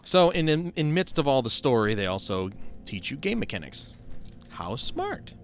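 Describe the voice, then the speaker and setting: A man with a mid-range voice talks a little fast and very animatedly, with slight hiss or hum on the audio. He rambles through casual let's-play commentary, chatty and poking fun at himself, while his desk mic catches his key presses over game music.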